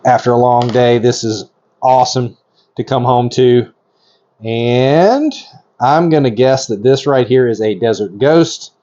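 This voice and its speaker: Excited chatty guy narrating his reptile work, mid voice, kinda muffled camera audio. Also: mid-range voice, unhurried. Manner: excited, chatty, lots of fillers and restarts. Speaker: reptile breeder. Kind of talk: casual narration while working.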